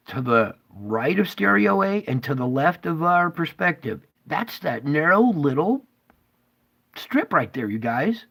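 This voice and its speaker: A man talks his viewers through space-weather charts on a live stream, slow and deliberate, yet alarmed and emphatic. He keeps asking whether they see it, jumping from loud bursts down to muttered asides. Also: medium pitch, gravelly. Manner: urgent, pointing things out, frequent "okay?" and "all right?" checks to viewers. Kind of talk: live stream commentary over screen charts.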